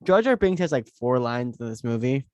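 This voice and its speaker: A man co-hosting a casual movie podcast, excitable and playful, quick to joke. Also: mid-range voice, dry recording, muffled recording. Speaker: podcast co-host.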